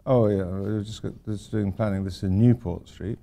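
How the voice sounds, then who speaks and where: A man's voice: lowish voice, steady tone, normal speed, creaky, mellow. An older man giving an informal architecture lecture to students, rambling with wry, self-deprecating asides. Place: lecture hall at a university.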